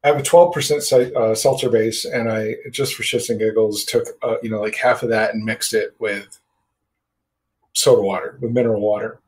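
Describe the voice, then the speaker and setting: A man's voice: lowish voice, steady tone, normal speed, rough recording. Rambling casual man talking brewing. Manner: rambling, swears casually, lots of fillers. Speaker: podcast co-host. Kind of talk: casual chat about home brewing.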